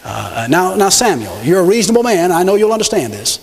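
A flustered king stumbles over his words in a high, hesitant voice, as a preacher puts him on mid-sermon. He wheedles and stammers through his excuses, and his swooping voice rings out in a hall with long reverb. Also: very animated, brisk, vocal fry, exaggerated voice.

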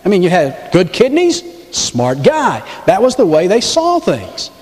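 A man preaching a sermon, animated, with dramatic pauses and big swings in his voice. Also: high-pitched, big-room sound, a little hiss or hum. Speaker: pastor.

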